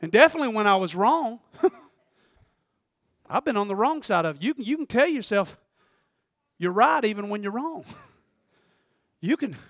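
A man with a notably high voice preaches a fiery church sermon, bursting into shouts and then dropping to quiet, chatty asides with a laugh. The sound is dry and close. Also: big pitch swings, normal speed, long pauses, dry recording. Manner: passionate preaching, swings from shouting to quiet talk; laughs between points, conversational asides. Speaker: pastor. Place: church service.

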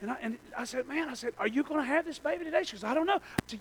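A man, preaching a sermon in a church and telling a personal story that swings from hushed to shouting. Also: extremely high pitch, animated, rapid-fire, hardly any pauses, breathy edge, rough recording. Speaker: pastor.

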